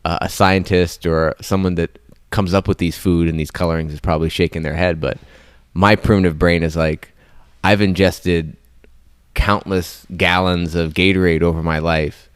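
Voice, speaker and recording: A man co-hosting a podcast in casual chat, speaking in a measured way and laughing often. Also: low voice, flat delivery, smooth, dry recording, studio quality. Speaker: podcast co-host.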